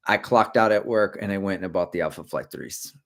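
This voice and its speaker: Brief: middle-aged male host, casual rambling livestream chat, slightly low pitch, jokey asides. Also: fairly quick, fairly bright tone. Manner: rambling, jokey, talks to viewers; slips briefly into silly character voices. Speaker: running channel host.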